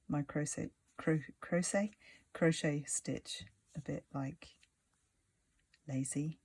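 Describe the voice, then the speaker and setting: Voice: mid-range voice, darkish tone, husky. A crochet tutor giving a casual, rambling tutorial, full of "like" fillers and asides muttered under the breath. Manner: rambling, chatty, many "like" fillers.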